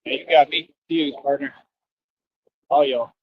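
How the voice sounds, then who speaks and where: A man's voice: medium pitch, steady tone, moderate pace, husky, no room sound, narrow, tinny audio. A man ranting boastfully and scornfully on a live stream.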